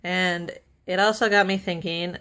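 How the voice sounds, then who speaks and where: A young woman talks casually to the camera in a somewhat low-pitched voice. She gushes with enthusiasm, laughs often and runs her thoughts together with plenty of fillers. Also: steady tone, a little slow, a bit bright. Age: young adult. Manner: chatty with many fillers and run-on sentences. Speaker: vlogger.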